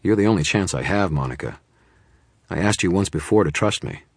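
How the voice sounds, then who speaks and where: A weary, stubborn wizard detective argues urgently, his voice low and husky. A man voices him in a first-person storybook reading. The sound is dry and close-miked. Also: animated, fairly quick, no room sound, exaggerated voice. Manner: urgent, insistent. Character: hard-pressed male wizard private eye, weary and stubborn.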